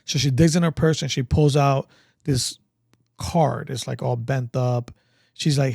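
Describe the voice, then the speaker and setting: Gravelly New man telling stories. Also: mid-range voice, unhurried, dry recording, clean studio sound. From Brooklyn, New York. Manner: animated, acts out dialogue, many likes. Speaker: guest, veteran. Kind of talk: casual storytelling.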